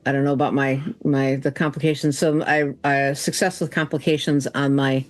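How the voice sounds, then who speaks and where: A man's voice: mid-range voice, flat delivery, normal speed, no echo. A man playing a tabletop horror game, hesitantly describing his character's panic with many fillers. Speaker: player. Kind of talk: casual tabletop role-play.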